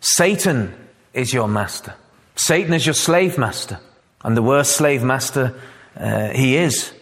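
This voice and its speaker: A man's voice: medium pitch, animated, unhurried, long reverb tail. A man preaching a sermon, earnest and rising to fervent, emphatic peaks.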